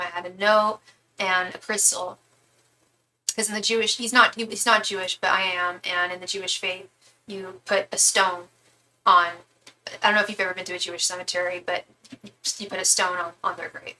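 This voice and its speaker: A young woman tarot reader chatting on a live stream, rambling from story to story with plenty of fillers. Her voice is bright and forceful, sitting at an ordinary middle pitch. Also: slight background noise. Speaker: tarot reader and psychic medium. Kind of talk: casual live-stream chat.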